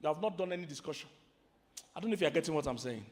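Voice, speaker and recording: A man with a Nigerian accent preaching a sermon to a live audience, animated and quizzing the crowd. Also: a little high, very fast. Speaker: pastor and relationship teacher. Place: large hall with a live audience. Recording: long hall reverb.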